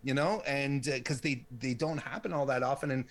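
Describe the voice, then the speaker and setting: A man's voice: mid-range voice, brisk. A man in his late forties answering interview questions casually, rambling with lots of restarts and fillers. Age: late 40s. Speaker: interview guest, women's wrestling site runner.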